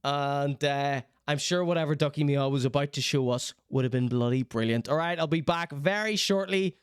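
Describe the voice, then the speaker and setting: A man's voice: fairly high pitch, moderate pace, clear, resonant tone, no echo, clean studio sound. A man hosting a casual live stream, ranting in theatrical mock outrage. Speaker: streaming show host. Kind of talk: casual livestream commentary.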